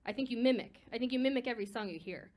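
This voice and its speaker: A woman's voice: on the high side, racing, darkish tone. A woman judging a live singing competition, joking and blunt, rambling through her critique with frequent restarts. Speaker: competition judge and singing teacher. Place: live performance venue.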